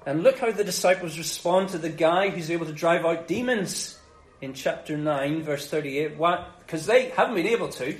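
A high-voiced man preaching in an echoey room. He tells the story in a lively, jokey way and acts out the characters in playful voices. It feels like a casual sermon. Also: moderate pace.

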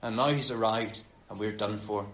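A preacher voicing a horde of doomed demons in a roomy space, first gloomy and then begging in a high, strained voice. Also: male voice, steady tone, moderate pace, fairly bright tone, close to an everyday voice. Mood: resigned. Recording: roomy echo.

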